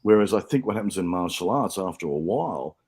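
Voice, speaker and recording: A man's voice: sits low, animated, fast talker, a little mellow, slightly rough. A man talking as a podcast guest in casual chat, reflective and explaining his views.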